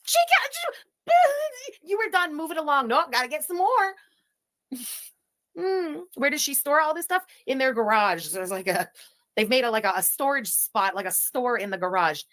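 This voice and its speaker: A woman's voice: a little high, expressive, moderate pace, fairly bright tone. A woman commentator in a clip, complaining in an indignant, exasperated way. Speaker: commentator in a reacted video.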